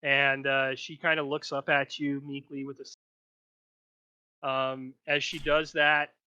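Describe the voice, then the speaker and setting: Brief: bright male game master, lively narration, dull lo-fi sound. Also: medium pitch, unhurried, clear, resonant tone.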